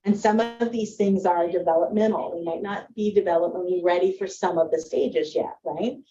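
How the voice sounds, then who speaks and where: A woman's voice: fairly low pitch, brisk, mellow, lo-fi sound. A woman teacher giving a presentation to parents on early reading, explaining with friendly spoken examples.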